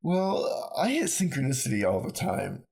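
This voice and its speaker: Rambling, animated male podcast co-host. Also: mid-range voice, normal speed, vocal fry, breathy edge. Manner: rambling, animated storyteller who acts out quotes. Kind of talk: casual conversation.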